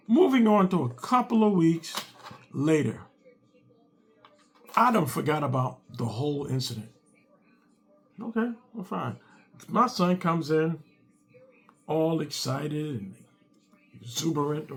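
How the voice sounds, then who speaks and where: Brief: father doing a comic storytelling monologue, high-set, gravelly voice, animated delivery. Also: takes it slowly, long pauses. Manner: animated, acts out both sides of the dialogue.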